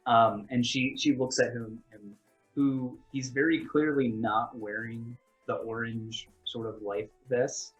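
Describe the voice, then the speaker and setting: A man's voice: mid-range voice, fairly even intonation, takes it slowly, breathy edge, dull audio, soft background music. A man narrating as game master of a tabletop game, rambling with fillers and self-corrections.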